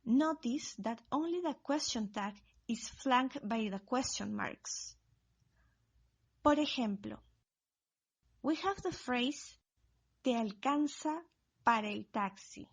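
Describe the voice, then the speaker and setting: Woman language teacher, scripted lesson read-through, unhurried pacing, slightly high register. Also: expressive. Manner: slow, careful example sentences spoken in Spanish. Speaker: Spanish teacher.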